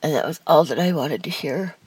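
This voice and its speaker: A young woman telling a personal life story candidly, in a halting, emotional way with restarts and sighs. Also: low-pitched, expressive, a little mellow, slight background noise, rough recording.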